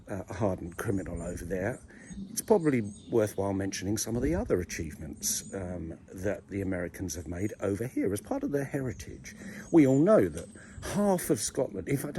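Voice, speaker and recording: A man's voice: on the low side, mellow, slight background noise. A man giving a rambling, mock-serious comic monologue outdoors in a churchyard. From southern England. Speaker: video blogger.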